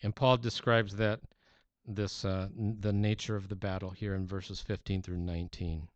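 A man's voice: low-pitched, little pitch movement, normal speed, no echo. Guy preaching, earnest teaching tone, dull lo-fi sound. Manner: earnest teaching, frequent restarts and emphatic rises. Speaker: pastor. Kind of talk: sermon.

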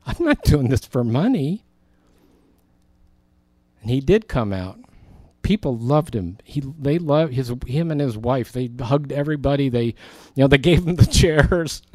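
A middle-aged male pastor delivers a sermon, telling a story with animated delivery and putting on voices for the people in it. His voice sits at an ordinary pitch for a man. The sound is close and dry, with no room echo. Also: normal speed.

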